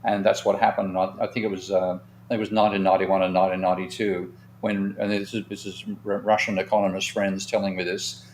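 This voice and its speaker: A man's voice: low voice, flat delivery, fast, darkish tone, echoey room, a little hiss or hum. A man, an economist hosting a live discussion, telling long anecdotes in a frank, rambling way and swearing at times. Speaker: economist and show host.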